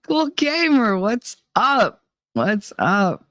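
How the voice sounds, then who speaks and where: A woman from New Jersey with a New Jersey accent, chatting casually on a live stream, reading out her chat and answering it in a blunt, animated way with plenty of swearing. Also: a little high, very slow, no echo, studio quality.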